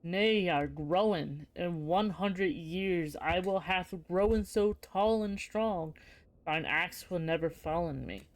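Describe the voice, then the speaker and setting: A streamer voicing a stubborn talking tree in mock Old English, slow and stately, reading game dialogue aloud. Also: medium pitch, no echo. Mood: defiant.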